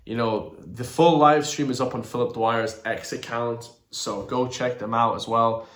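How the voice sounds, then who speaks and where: Irish man, channel host, indignant ranting commentary, average pitch, echoey room. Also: measured pace, fairly bright tone. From Ireland. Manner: indignant, ranting, keeps addressing viewers as guys. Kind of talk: reaction commentary to viewers.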